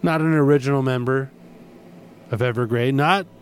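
A man hosting a radio show in casual disc jockey patter, chatty with wry asides and quick self-corrections. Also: mid-range voice, slight background noise. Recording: music playing under the voice. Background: music.

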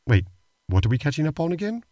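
A man's voice: on the high side, very animated, fast, warm tone, dry recording. A man co-hosting a comedy podcast, answering in a dry, exasperated manner. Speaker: podcast co-host.

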